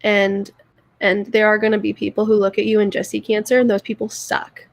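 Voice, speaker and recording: A woman's voice: medium pitch, monotone, brisk, gravelly, dry recording. Brief: young woman co-host, earnest, rambly, dry close recording. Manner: earnest, repeats words, rambling restarts. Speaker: podcast co-host. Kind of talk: heartfelt casual chat.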